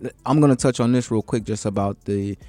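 A man hosts a relaxed podcast chat and keeps calling the other person "man". His voice is warm and mellow, and it is recorded close and dry with no room sound. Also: lowish voice, a little fast, no echo, soft background music. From Memphis, Tennessee. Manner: laid-back, peppers speech with "man". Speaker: podcast co-host. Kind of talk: casual podcast conversation.

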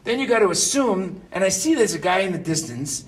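A fifty-year-old man tells a personal story in a chatty way, frequently asking his listeners "right?". His high voice is very animated and a little fast. The mic is distant.

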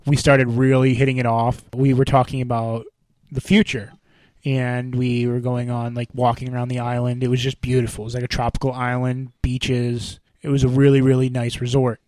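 A man's voice: medium pitch, completely flat delivery, moderate pace, darkish tone, dry recording. A young man co-hosting a podcast, telling a story animatedly in casual chat, swearing and acting out his own lines. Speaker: podcast co-host.

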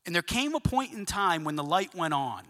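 A man preaching a sermon to his congregation, telling a story with lively asides and questions to the listeners. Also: high voice, normal speed. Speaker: pastor. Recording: long reverb of a large hall.

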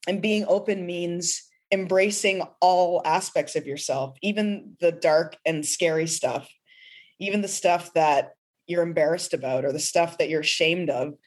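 A woman's voice: on the low side, fairly even intonation, a little slow. A woman singer-songwriter talking in a heartfelt, emotional way during a podcast interview, often laughing. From pastor's kid.

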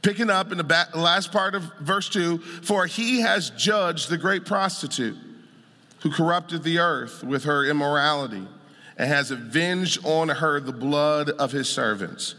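Male pastor, high tense voice, preaching with a sung cadence in a reverberant sanctuary. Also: a little slow. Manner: emphatic preaching that swells into shouts and a sung cadence. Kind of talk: sermon. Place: church sanctuary. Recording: long church hall reverb.

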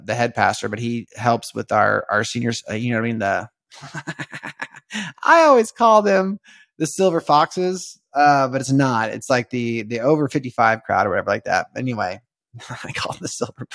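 A man's voice: mid-range voice, no echo, studio quality. A young man hosting a faith podcast, telling a personal story in a casual, rambling way full of slang and fillers. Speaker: podcast host. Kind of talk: casual spoken testimony.

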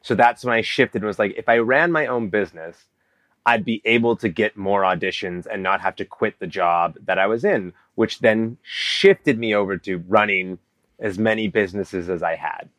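A man from Vancouver, Canada, tells a story as an interview guest. His voice sits low, and it is recorded dry and close. He talks in a lively way and acts out the quotes. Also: moderate pace, no echo. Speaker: guest, business coach. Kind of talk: animated storytelling in a casual interview.

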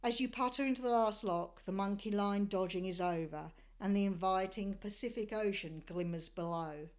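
A woman's voice: medium pitch, a little mellow. Woman narrating a sailing voyage. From Australia. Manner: measured, descriptive storytelling. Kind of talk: scripted travel narration.

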